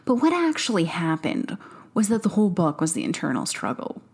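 A woman's voice: fairly low pitch, wildly swooping pitch, brisk, darkish tone, breathy edge. Chatty woman co-hosting a book chat. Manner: chatty, loose, full of fillers and restarts. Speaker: podcast co-host. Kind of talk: casual book discussion.

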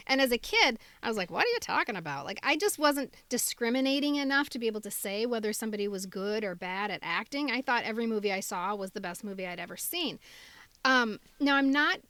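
Chatty bright-voiced woman from Minnesota. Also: a little high, fairly quick, dry recording. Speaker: podcast co-host. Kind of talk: casual chat.

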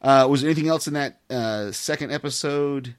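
A man's voice: mid-range voice, fairly quick. A man co-hosting a podcast, chatting casually and laughing often between restarts. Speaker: podcast co-host. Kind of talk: casual chat.

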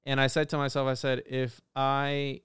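A young man telling a long story in a casual podcast chat, animated and full of swearing and restarts. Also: mid-range voice, clear, resonant tone, no room sound, studio quality. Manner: animated, heavy swearing, quick repeated restarts. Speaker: podcast guest.

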